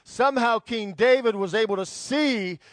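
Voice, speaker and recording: A man with a high voice preaches a sermon, reading scripture aloud with rising emphasis. The sound is dry and close. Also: moderate pace, no room sound. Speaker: pastor.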